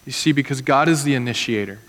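A man's voice: medium pitch, fast, a bit bright, big-room sound. A man pastor preaching a sermon in an earnest, conversational way, acting out the people in his stories.

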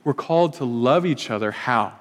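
A man's voice: medium pitch, expressive, moderate pace, long reverb tail. A male pastor preaching in a conversational, joking way, acting out little everyday scenes. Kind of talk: sermon. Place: church.

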